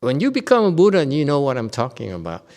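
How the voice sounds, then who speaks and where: A man's voice: medium pitch, wildly swooping pitch, fast, darkish tone. A Buddhist master from Vietnam giving a dharma lecture in a temple hall, joking and conversational, often checking in with his listeners. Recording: long reverb in a hall.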